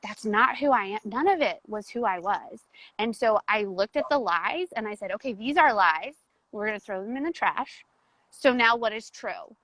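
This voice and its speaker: Speaking at a medium pitch with a fairly bright tone, a coaching client appears as a guest in a casual interview chat. She recounts her personal transformation quickly, emotionally and candidly, saying "like" again and again, in a low-quality recording with no room sound.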